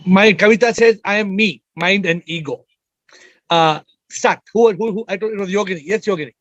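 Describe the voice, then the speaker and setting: Man, high voice, host of an online Q&A, probes and repeats questions; slightly muffled, dry sound. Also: a little fast, a bit bright, no echo. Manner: probing, repeats questions, jokes lightly. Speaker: host of an online spiritual Q&A session. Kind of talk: questioning participants on a video call. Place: video call.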